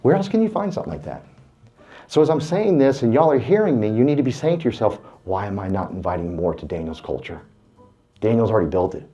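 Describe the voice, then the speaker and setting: A man with a drawl delivers a motivational talk to a live audience. His voice is low and mellow, and his manner is folksy and preacher-like. The recording is a little dull, with faint music underneath. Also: animated, quick pace, breathy edge. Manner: folksy and fired-up, preacher-like urging. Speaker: real estate team speaker.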